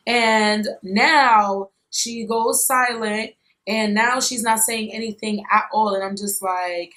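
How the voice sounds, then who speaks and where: A woman vlogger telling a personal story in a blunt, animated, slangy way, with some swearing. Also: fairly high pitch, takes it slowly, rough recording. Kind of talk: casual storytime.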